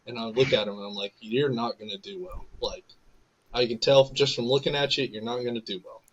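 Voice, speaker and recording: A man co-hosting a casual podcast chat, laughing easily and quick to agree. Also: mid-range voice, muffled recording, background noise. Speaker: podcast co-host.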